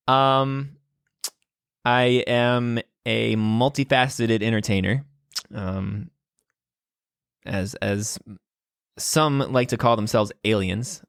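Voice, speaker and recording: A man's voice: on the low side, takes it slowly, vocal fry, long pauses, fairly bright tone, clear, resonant tone, no echo, studio quality. A man in his twenties from Wisconsin hosting a casual solo podcast from a room at home, talking in a rambling, hesitant way with many ums and restarts and frequent laughs. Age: 20s. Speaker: podcast host. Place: room at home with guitars on the wall.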